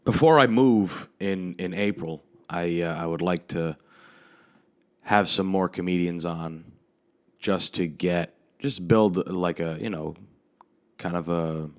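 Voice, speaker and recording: A man's voice: sits low, slow pace. A male comedian and podcast host telling a story in a casual, rambling and profane way, speaking into a handheld microphone. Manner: rambling and profane, with frequent restarts.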